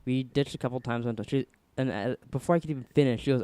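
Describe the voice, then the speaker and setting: A man's voice: racing, hardly any pauses, clear, resonant tone, dry recording. A young man hosting a podcast, telling a story casually and acting out the people in it. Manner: animated, voices quoted people with pitch jumps. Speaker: podcast host.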